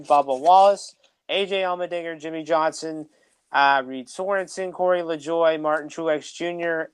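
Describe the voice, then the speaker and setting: A man's voice: on the high side, clean tone, no echo. A man co-hosting a casual motorsport podcast, running through a list with many "uh" fillers. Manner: reads off lists with frequent "uh" fillers. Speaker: podcast co-host. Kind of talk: casual sports podcast chat.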